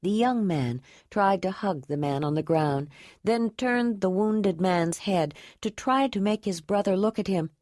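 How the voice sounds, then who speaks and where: A woman narrating an audiobook in a steady, even reading voice. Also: medium pitch, unhurried, no room sound, clean studio sound. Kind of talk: scripted narration.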